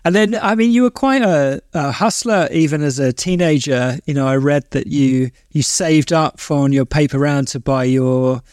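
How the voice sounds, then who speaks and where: A man hosts an interview in a fairly high, light voice. He asks his questions plainly and nudges the guest on with short encouraging replies. His voice sounds dry and close to the mic. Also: normal speed, few pauses, darkish tone, no room sound. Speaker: podcast host. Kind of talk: casual interview chat.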